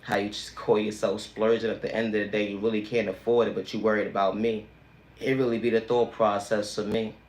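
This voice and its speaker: Talking fairly quickly in a lowish voice with little pitch movement, a livestream host preaches a motivational monologue. He keeps repeating emphatic, sermon-like refrains, and the audio sounds roomy.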